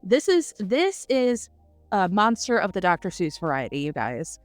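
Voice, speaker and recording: A woman co-hosting a podcast, reacting to a novel with wry, animated comments and frequent "like". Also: medium pitch, normal speed, dry recording, faint music behind. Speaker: podcast co-host. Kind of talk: casual book discussion.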